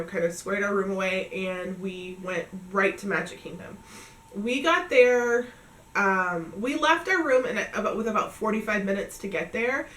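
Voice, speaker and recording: A woman's voice: medium pitch, a bit bright, roomy sound, distant mic, low-quality recording. A woman in her thirties from New England, telling a long trip story in a chatty way, full of "like" and acted-out dialogue. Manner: chatty, filler-heavy retelling with quoted dialogue. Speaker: family vlogger. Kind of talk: casual storytelling recap.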